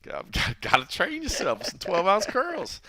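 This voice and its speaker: A man's voice: high-pitched, moderate pace. A middle-aged man hosting a podcast, chatting casually and joking with his co-host. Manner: lively, jokey banter. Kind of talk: casual chat.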